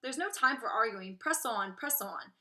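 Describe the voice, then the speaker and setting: A woman voicing an excitable, eccentric male candy maker who gives brisk, theatrical orders while reading a storybook aloud. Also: a little high. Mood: brisk commanding.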